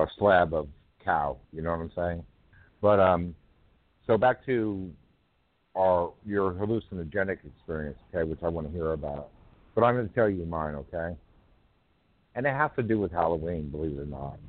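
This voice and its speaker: A man hosting a poetry call-in radio show, rambling and halting with many fillers. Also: sits low. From North Carolina. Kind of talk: casual call-in chat. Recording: tinny phone line.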